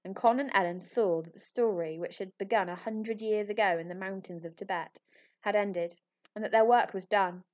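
A woman narrating a children's storybook in a clear, expressive reading voice. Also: mid-range voice, normal speed. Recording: slightly muffled audio.

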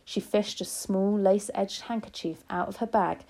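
Woman, reading a children's novel aloud, mellow dark tone, steady gentle storytelling. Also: mid-range voice, measured pace, gravelly. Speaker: reader.

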